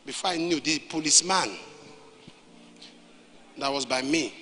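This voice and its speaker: A man's voice: a little high, measured pace, bright, forceful tone. A man with a Nigerian English accent preaching a sermon as a pastor, telling a story and repeating phrases for emphasis. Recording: reverberant hall, faint noise.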